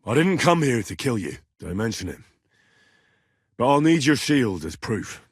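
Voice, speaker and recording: Hot-tempered young medieval blacksmith's son for a game; husky, dry studio read. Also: male voice, mid-range voice, big pitch swings, measured pace, no room sound, exaggerated voice. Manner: swears in anger, blunt and wry. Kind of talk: video game voice lines.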